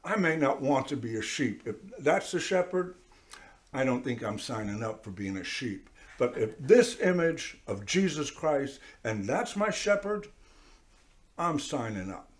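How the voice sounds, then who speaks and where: A measured, medium-pitched male voice belongs to a priest giving an informal sermon in church. Speaking directly to his listeners with animation, he acts out small character voices as he goes.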